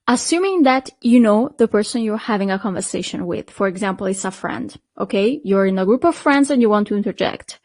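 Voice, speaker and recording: A woman with an Italian accent teaching an online Italian lesson, patient and checking in often with quick questions to the learner. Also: fairly high pitch, a little mellow, no room sound. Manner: patient, checks in with frequent "okay?" and "perfect".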